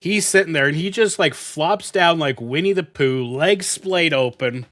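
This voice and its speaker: Rambling, swearing gaming host. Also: male voice, on the high side, unhurried, a bit bright. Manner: rambling, profane, heavy use of fillers. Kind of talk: casual storytelling while playing.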